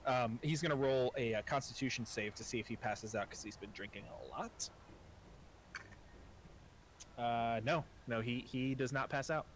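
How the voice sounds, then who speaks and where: A man's voice: mid-range voice, fairly quick, slight background noise. A man narrating as game master in a casual, profane, self-deprecating way.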